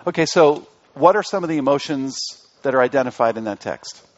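A man's voice: medium pitch, lively intonation, brisk. A male pastor giving an interactive sermon, asking the congregation questions and repeating key phrases. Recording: dull lo-fi recording.

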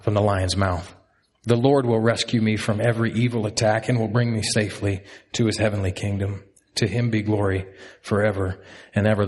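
A man in his thirties preaching a sermon as a pastor, earnest and repeating key lines for emphasis. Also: on the low side.

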